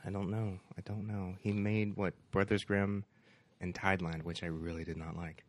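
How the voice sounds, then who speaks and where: A man's voice: low voice, level tone, moderate pace. A man co-hosting a podcast, chatting casually with friends about films, laughing and trailing off between thoughts. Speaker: podcast co-host. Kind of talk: casual chat among friends.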